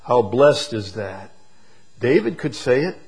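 Husky man preaching with rising emphasis. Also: medium pitch, big pitch swings. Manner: swings from soft, slow reflection to loud emphatic peaks. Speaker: pastor. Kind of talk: sermon.

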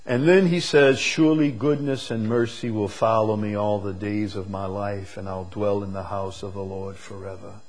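A man preaching a sermon, moving from quiet, slow reflection to loud, emphatic declarations. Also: fairly low pitch, flat delivery. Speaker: pastor.

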